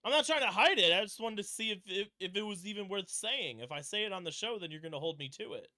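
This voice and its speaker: Brief: male podcast co-host, very bright and forceful tone, rambling, casual cursing. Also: sits high, expressive, fast, no room sound, clean studio sound. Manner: rambling, swears casually, trails off.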